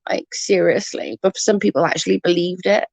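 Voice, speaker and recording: A woman's voice: lowish voice, a little fast, gravelly, a little mellow, no echo. A woman chatting casually on a livestream, rambling and swearing freely while answering comments. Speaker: livestream host.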